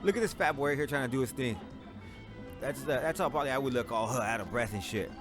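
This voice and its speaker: A man's voice: mid-range voice, quick pace, over music. A man casually reacting to a movie, talking in profane slang and laughing often. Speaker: movie reviewer.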